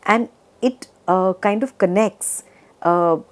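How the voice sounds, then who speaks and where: A woman literature professor giving a measured lecture on a poem, with frequent fillers and slowly read verse lines. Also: medium pitch.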